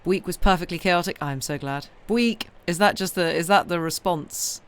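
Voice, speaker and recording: Tired and yawning, a livestream host who reads books aloud chats with viewers from home, rambling and answering chat messages with many ums, and says she's tired. Her lowish voice is clear and resonant, moving at a moderate pace.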